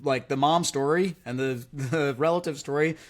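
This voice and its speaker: A man's voice: fairly high pitch, normal speed. A man hosting a podcast, talking casually and energetically, filling his speech with "like" and "right?". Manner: animated, heavy use of "like" and "right?". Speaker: podcast host.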